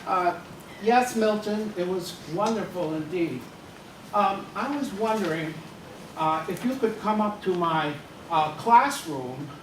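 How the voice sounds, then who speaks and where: A man voicing a woman teacher colleague who persuades in a calm, measured way. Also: on the low side, noisy background. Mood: pleading. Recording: echoey room, distant mic, faint ambience.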